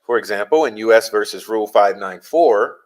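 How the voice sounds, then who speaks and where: A man acting as a legal commentator, reading legal passages aloud and explaining them deliberately, stressing key phrases. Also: on the low side, animated, low-quality recording.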